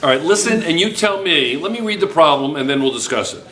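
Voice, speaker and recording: A man teaching a chemistry class in a playful, teasing way, talking loudly to the room. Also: fairly high pitch, animated, quick pace. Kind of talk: joking classroom review.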